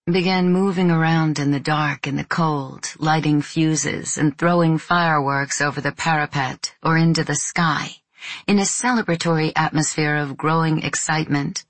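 An audiobook narrator with a low-pitched voice, this woman reads a novel aloud in a calm, even manner. There's no echo on the recording.

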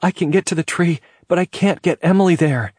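A man's voice: mid-range voice, brisk, slightly rough, dry recording, studio quality, pitched above the performer's own voice, natural voice. A man voicing a frightened young mother. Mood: shouting. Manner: urgent, shouting in alarm, then softly reassuring. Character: young mother trapped in a fire, frantic but protective.

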